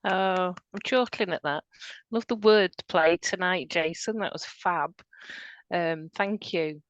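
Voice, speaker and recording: A woman's voice: lowish voice, slow pace, muffled recording. A woman hosting an online open mic, introducing poets and praising them in an upbeat way over a video call. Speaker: host.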